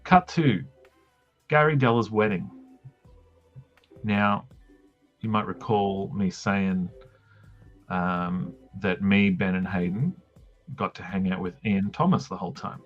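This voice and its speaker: A man's voice: low-pitched, slow, long pauses. A man hosting a drawing live stream, telling self-mocking jokey anecdotes in casual chat. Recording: dull lo-fi stream audio with faint music.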